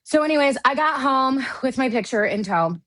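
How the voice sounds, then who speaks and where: A woman from Michigan, a Broadway actress guesting on a podcast, telling a casual anecdote in a lively, self-deprecating way with lots of "like". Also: high voice, normal speed, dry recording. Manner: animated, self-deprecating, heavy use of "like".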